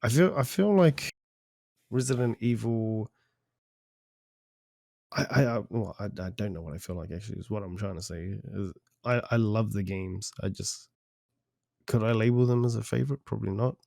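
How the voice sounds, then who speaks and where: Young male guest, hesitant and stammering, dark dry voice. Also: on the low side, moderate pace, creaky, pauses often, no room sound. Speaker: podcast guest. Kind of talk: casual chat.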